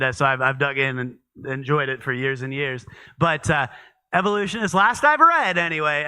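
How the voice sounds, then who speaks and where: Bright, clear-voiced man preaching casually. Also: on the high side. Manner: conversational, with frequent fillers and restarts. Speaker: pastor. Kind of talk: midweek church teaching. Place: church.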